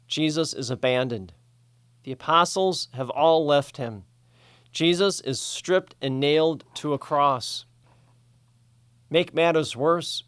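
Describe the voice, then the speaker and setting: A man preaching a sermon in a slow, measured, deliberate way. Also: on the high side, a bit bright, smooth, no echo, studio quality.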